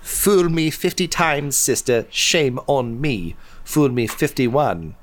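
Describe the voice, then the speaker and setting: A man voicing a petulant younger brother with a whiny, higher voice. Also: expressive, takes it slowly.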